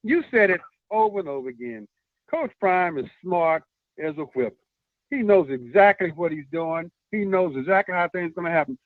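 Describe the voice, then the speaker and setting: A man calls in with an earnest, halting argument, pausing often on "uh". His voice sits fairly high for a man. It comes through a thin, tinny phone line with a dry sound. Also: expressive, no echo. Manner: earnest, halting, many "uh" pauses. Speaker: caller. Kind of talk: earnest call-in commentary.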